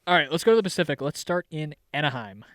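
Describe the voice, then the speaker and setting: A man's voice: on the high side, animated, fast, a bit bright, no room sound, clean studio sound. A young man co-hosting a podcast, chatting loosely about hockey, cursing and laughing often. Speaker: podcast co-host. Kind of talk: casual sports chat.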